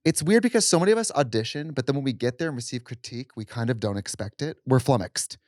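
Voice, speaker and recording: A man's voice: medium pitch, animated, fast talker, darkish tone, dry recording, studio quality. A man co-hosting a podcast in casual chat, candid and joking as he acts out quotes from memories. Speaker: podcast co-host.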